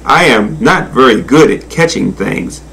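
A man's voice: medium pitch, lively intonation, unhurried, creaky, a bit bright, poor audio. A man voicing a sly, scheming female crocodile in a read-aloud animal storybook. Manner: sly, coaxing.

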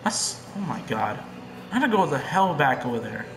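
A young man giving casual gameplay commentary, excitable and profane, swinging between hushed muttering and loud yelling. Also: medium pitch, normal speed, roomy sound, noisy background. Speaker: gamer.

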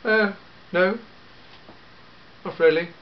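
A man voicing an elderly, fussy, grandfatherly time-travelling gentleman in a fan audio drama, full of hmms and eh?s. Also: sits high, slow pace, lo-fi sound. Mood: fussy, chatty. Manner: fussy, hesitant, peppered with hmms and eh?s.

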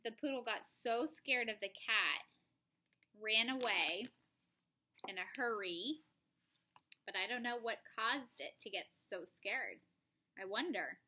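A woman teacher reading a picture book aloud to children, pausing for gentle, musing asides. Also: on the high side. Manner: unhurried, musing asides to young listeners. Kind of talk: children's storybook read-aloud.

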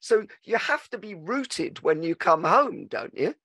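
A man's voice: high voice, big pitch swings, measured pace, sharp tone, dry recording. A man hosting a podcast, chatting casually and telling anecdotes with frequent restarts. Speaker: podcast host. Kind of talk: casual interview chat.

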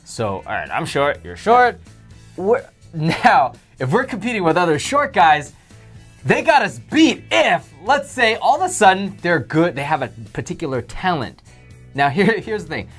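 A man co-hosting a casual chat show, animated and joking, his voice jumping up when excited. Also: sits high, moderate pace, faint music behind. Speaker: co-host.

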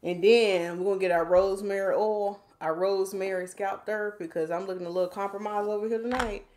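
A woman's voice: medium pitch, fairly even intonation, fast talker, a little mellow, echoey room. A woman, a hair stylist chatting playfully with viewers while doing a hair tutorial at home. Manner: chatty, playful, talks to viewers as y'all, reads comments aloud. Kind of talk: casual livestream hair tutorial chat.

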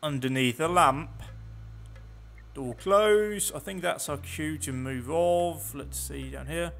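This let's play features a man with a slightly high, creaky, fairly bright voice speaking slowly. As a gameplay commentator, he stays chatty and sarcastic, mumbling remarks to himself.

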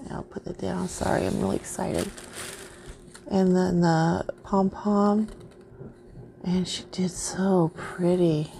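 A woman's voice: fairly low pitch, little pitch movement, takes it slowly, creaky, long pauses, dark tone, slight background noise. A woman vlogger unboxing craft mail in casual chat, gushing and easily delighted.

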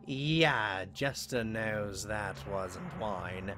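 A woman streaming a horror game live, chatting with viewers between playful in-character asides and breaking into excited yelps during chases. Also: rumbling low, very slow, a little hiss or hum. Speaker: gaming streamer. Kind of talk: live game commentary with chat.

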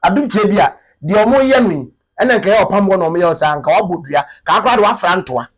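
A man's voice: sits high, animated, fast. A Ghanaian man giving emphatic, scolding commentary on church matters. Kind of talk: animated commentary.

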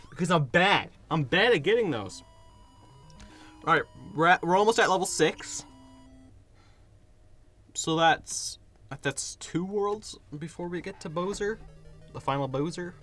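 A hoarse young man giving casual commentary while playing a game, getting frustrated and yelling at it. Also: high-pitched, animated, unhurried, long pauses, faint music behind. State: hoarse, voice worn out. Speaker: gaming video creator.

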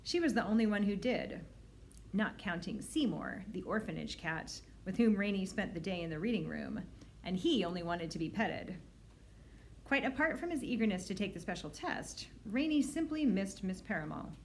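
Expressive librarian reading a children's book. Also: female voice, mid-range voice, normal speed, vocal fry, slight background noise. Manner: expressive read-aloud, does character voices.

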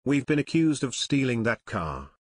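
A man's voice: mid-range voice, big pitch swings, moderate pace, husky, no echo, studio quality. A man voicing an upset young man from a farm who denies a theft. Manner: tense and upset.

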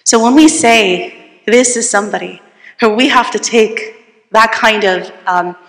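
A woman giving a storytelling religious talk to an audience, asking them questions as she goes. Her voice is bright and sits a little high. The room is large and echoey, with a long reverb trailing each phrase. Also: unhurried. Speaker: religious teacher. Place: retreat hall with audience. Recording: echoey hall.

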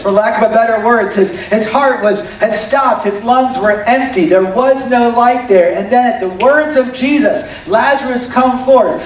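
A male pastor with a high voice, preaching in a lively, conversational storytelling style. He sounds far from the mic, and his voice carries in the long, heavy echo of a church sanctuary, with faint room noise behind. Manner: animated storytelling, conversational, emphatic. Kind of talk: sermon. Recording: very echoey hall, distant mic.

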